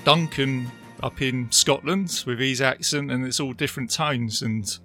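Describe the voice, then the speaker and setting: English guy hosting a podcast, bright tense voice, bit of music under it. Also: medium pitch, measured pace. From England. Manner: chatty, laughs easily. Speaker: podcast host. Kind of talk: casual chat.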